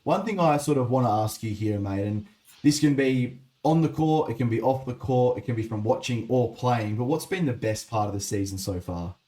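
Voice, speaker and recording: A man's voice: medium pitch, lively intonation, moderate pace, dark tone. A man hosting a sports interview, chatty and friendly, calling his guest "mate". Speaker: podcast host, interviewer.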